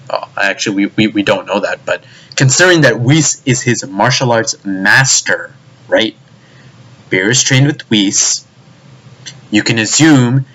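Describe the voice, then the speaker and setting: A man's voice: medium pitch, fairly bright tone. A young man ranting in a video review, exasperated and profane, often stumbling over his words and restarting. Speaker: anime reviewer.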